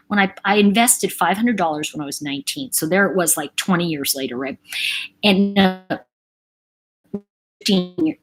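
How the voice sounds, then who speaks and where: A middle-aged woman with a slightly husky voice chats through a long personal story on a livestream. She rambles and turns aside to check on her viewers. Her pitch sits in an ordinary middle range. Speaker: livestream host.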